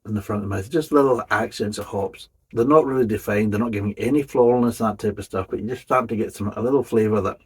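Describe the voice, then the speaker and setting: A man's voice: fairly low pitch, quick pace, hardly any pauses, slightly rough, rough recording. A man giving a casual, methodical beer review, describing each flavour in detail. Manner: methodical, detailed tasting commentary.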